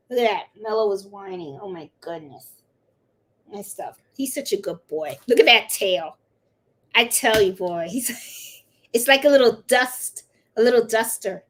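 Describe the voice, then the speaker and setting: A woman's voice: mid-range voice, lively intonation, a little slow, pauses often. A middle-aged woman hosting a live crafting stream, chatting in a rambling, casual way and cooing to her dog now and then. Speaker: livestream host of a crafting channel.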